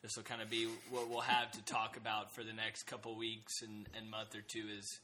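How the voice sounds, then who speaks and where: Bright-voiced man with a hesitant podcast manner. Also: on the low side, completely flat delivery, fairly quick, slight background noise. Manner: hesitant, many ums and restarts. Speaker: podcast co-host. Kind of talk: casual TV discussion.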